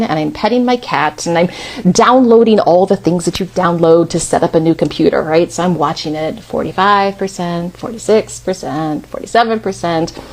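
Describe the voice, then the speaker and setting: A woman of about fifty giving a storytelling talk in a conversational, expressive way. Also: medium pitch. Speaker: speaker.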